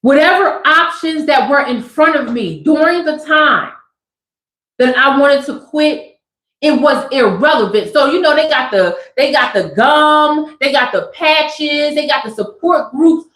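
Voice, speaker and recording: A woman giving a casual tarot livestream, who says "tap in" often and slows right down to stress her points. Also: sits high, animated, a bit bright, reverberant, low-quality recording. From Southern California. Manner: emphatic, repeats "tap in" and "y'all"; slows way down for emphasis. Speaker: tarot reader and spiritual speaker.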